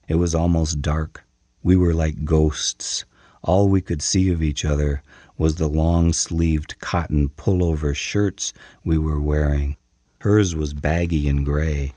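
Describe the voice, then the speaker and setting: A man narrating a first-person story as an audiobook, measured and dramatic. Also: rumbling low, dark tone, dry recording.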